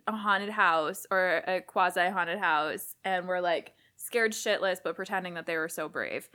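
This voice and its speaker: A woman's voice: fairly low pitch, measured pace, pushed and bright. A woman co-hosting a podcast, talking in a laid-back, chatty way and telling stories in casual chat. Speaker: podcast co-host.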